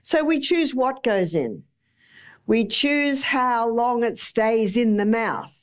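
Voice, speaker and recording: Australian lady lecturing a crowd, highish voice, chatty and repetitive. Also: animated, slow. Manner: chatty, repeats phrases for emphasis. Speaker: health lecturer. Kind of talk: live talk to an audience.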